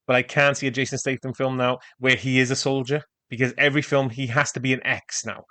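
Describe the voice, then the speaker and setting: A man's voice: mid-range voice, level tone, fast, a bit bright, no room sound. Man, rambling podcast co-host. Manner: rambling, hesitant, full of fillers and asides. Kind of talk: casual film discussion.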